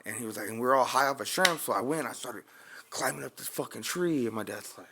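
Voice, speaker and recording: A man's voice: mid-range voice, lively intonation, fast, gravelly, background noise. A man from California, hosting a podcast and telling stories in loose, slangy casual chat, quoting others and laughing often. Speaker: podcast host.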